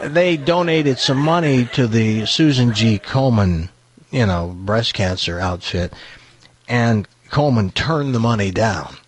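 A man's voice: medium pitch, takes it slowly, a little hiss or hum. A man hosting a radio show, chatting casually and telling a folksy joke with easy laughs.

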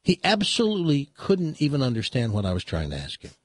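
A man, a talk show host, telling an exasperated story in a casual, animated way. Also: medium pitch, fast, dry recording, clean studio sound.

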